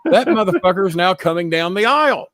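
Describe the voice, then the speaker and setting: A middle-aged man telling a story in casual chat, profane and animated. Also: high-pitched, quick pace, no room sound, studio quality. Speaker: storyteller and show host.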